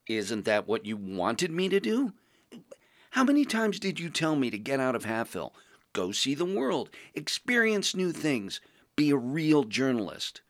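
A man playing a pompous, social-climbing young male journalist with affected, genteel high-society phrasing. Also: wildly swooping pitch, a little slow, fairly bright tone, dry recording, clean studio sound, heavily acted. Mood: airy, pleased. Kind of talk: podcast role-play.

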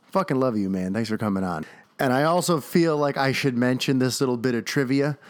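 A man hosting a podcast, talking casually and enthusiastically, with quick bursts of speech. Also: fairly high pitch, clean tone, dry recording, studio quality. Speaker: podcast host.

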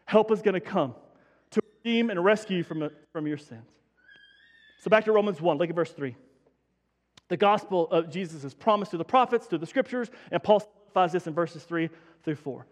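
A man preaching a sermon as pastor, conversational and energetic, repeating key phrases for emphasis. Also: high-pitched, fairly quick, in a large hall.

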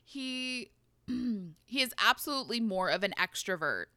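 A woman's voice: on the high side, lively intonation, unhurried, bright, forceful tone, dry recording. A woman co-hosting a casual book podcast, enthusiastic and giggly, with lots of "like". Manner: giggly, enthusiastic, says "like" often. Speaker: podcast co-host. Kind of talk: casual book-club chat.

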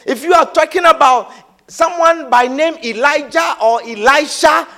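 A man's voice: very high-pitched, unhurried, bright, forceful tone, full character voice. A man voicing a skeptical young man who asks incredulous, mocking questions. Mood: scoffing.

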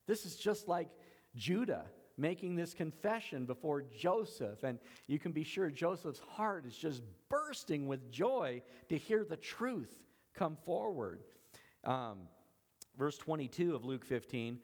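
A man's voice: medium pitch, lively intonation, moderate pace, big-room sound. A man preaching a sermon as pastor, in an earnest, emphatic way with repeated phrases.

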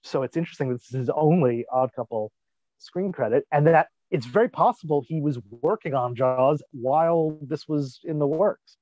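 A man's voice: on the high side, a little mellow, no room sound. A man co-hosting a casual chat, stopping and restarting his sentences as he searches for the right word. His voice comes through a dull, lo-fi recording. The sound is dry and close. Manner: halting, many restarts and fillers. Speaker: podcast co-host.

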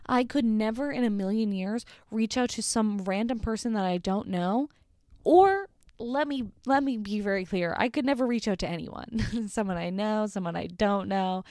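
A woman's voice: on the high side, expressive, normal speed, darkish tone, no echo, clean studio sound. A woman reading messages aloud and reacting with blunt, exasperated, sweary commentary in a casual vlog. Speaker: vlogger.

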